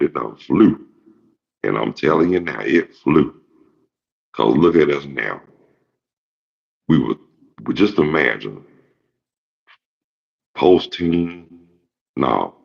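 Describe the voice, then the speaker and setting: In a dull, lo-fi recording, a man in his fifties hosts his own show with a very deep voice and vocal fry. He rambles through a casual, jokey monologue laced with profanity.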